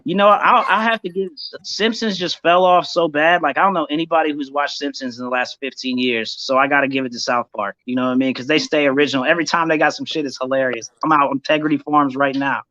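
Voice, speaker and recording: A man's voice: a little high, steady tone, fast talker, few pauses, sharp tone, no echo. A man in his thirties, a guest rapper, chatting casually and rambling with lots of fillers. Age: 30s. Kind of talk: casual chat. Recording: muffled lo-fi audio.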